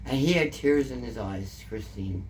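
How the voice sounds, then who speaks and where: A woman's voice: a bass voice, animated, normal speed, darkish tone. A woman with a Canadian accent, telling an emotional story in a casual interview, swearing often and repeating herself. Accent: Canadian English.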